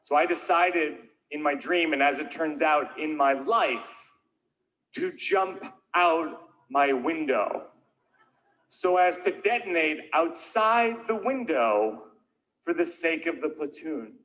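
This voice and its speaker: A man with a high voice tells a stand-up comedy story in a rambling, wandering way. Now and then he breaks into sudden shouted yelps, and the set plays back as a clip of a comedy routine. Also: animated, slow pace.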